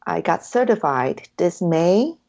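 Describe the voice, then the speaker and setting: A lowish, gravelly, slightly mellow woman's voice moves slowly in a sing-song way. The speaker, a hypnotherapy practitioner and interview guest, earnestly relates her story while performing her own inner dialogue. The audio is dull and lo-fi.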